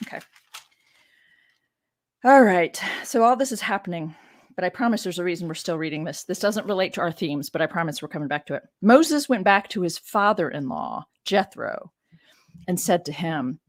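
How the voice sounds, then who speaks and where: A woman's voice: on the low side, expressive, moderate pace, no room sound, clean studio sound. A woman scholar reading scripture aloud and commenting in a chatty, digressive way, with frank asides and rhetorical questions to her listeners. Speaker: biblical scholar and teacher.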